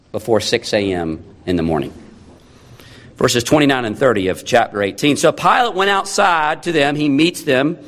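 A man preaches a sermon in a chatty, explanatory way, breaking off from the passage to paraphrase it with lively asides. His voice sits a little high for a man. It rings with the long reverb of a large hall. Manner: conversational, paraphrasing scripture with animated asides. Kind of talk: expository sermon.

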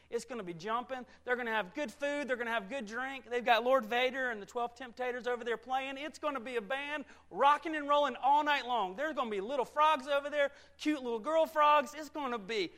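A man voicing a slick, smooth-talking male scorpion who pushes and coaxes in a high, loud voice. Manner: pushy, wheedling, high and loud.

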